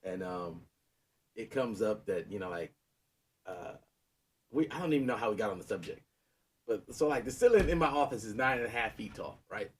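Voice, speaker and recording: A man's voice: lowish voice, animated, moderate pace, pauses often, a little hiss or hum. Laughing man telling a story. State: sore knee. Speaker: podcast co-host. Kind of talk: casual storytelling chat.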